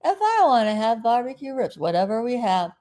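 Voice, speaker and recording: A woman's voice: on the high side, sing-song, fairly quick, warm tone. A middle-aged woman from South Florida hosting a casual live stream, chatting in a meandering way and often losing her train of thought.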